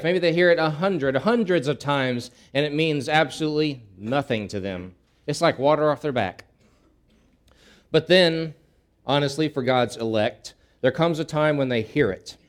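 A man preaching as a pastor, opening with a folksy anecdote and talking in a plain, conversational way with frequent restarts and repeated words. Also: a little high. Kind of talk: sermon.

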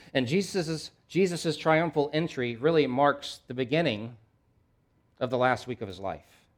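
Man preaching a sermon, dynamic delivery. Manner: preaching with wide swings between soft low asides and loud emphatic questions; reads scripture aloud at a brisk pace. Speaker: pastor.

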